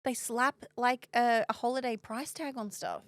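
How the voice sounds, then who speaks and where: A woman's voice: a little high, fairly even intonation, moderate pace, fairly bright tone, no echo. A woman in her thirties hosting a podcast, chatting playfully and laughing often. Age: 30s. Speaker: podcast host. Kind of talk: casual chat.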